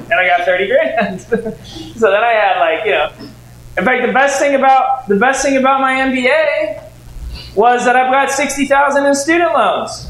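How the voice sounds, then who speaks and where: A high-pitched man in his forties tells animated stories to a seminar audience and acts out dialogue in lively voices. His voice rings in an echoey room. A faint hum of noise sits behind him. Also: measured pace, long pauses. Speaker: real estate investing trainer. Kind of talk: storytelling lecture to a live audience.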